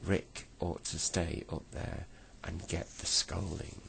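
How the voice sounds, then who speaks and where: A man's voice: deep voice, flat delivery, takes it slowly, gravelly, a bit bright, slight background noise, exaggerated voice, rough recording. A man voicing a gloomy, timid male storybook character who complains plaintively.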